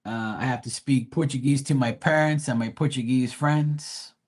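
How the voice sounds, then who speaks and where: A chatty man with a Bermudian accent, talking loosely on a live stream. His speech is animated and full of slang, and he tells stories in a relaxed, conversational way. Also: mid-range voice, moderate pace. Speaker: live tarot reader. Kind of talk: casual live-stream chat.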